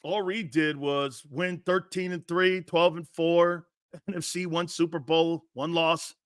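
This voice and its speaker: A man doing crude, sarcastic sports talk, mimicking others in jeering voices and laughing often, swinging between loud outbursts and low mutters. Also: flat delivery, measured pace, smooth, no room sound, clean studio sound. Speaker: sports commentator.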